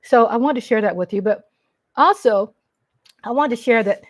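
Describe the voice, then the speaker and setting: A woman's voice: on the high side, moderate pace, no echo. A middle-aged woman from Texas with a Texan accent, chatting casually with viewers on a live stream at home and greeting them by name.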